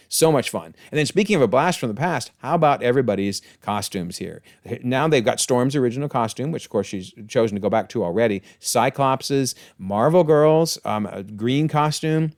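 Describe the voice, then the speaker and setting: A man's voice: medium pitch, lively intonation, normal speed, few pauses, no room sound, clean studio sound. A man giving a casual, enthusiastic episode breakdown, chatty with frequent exclamations and chuckles. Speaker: TV episode reviewer.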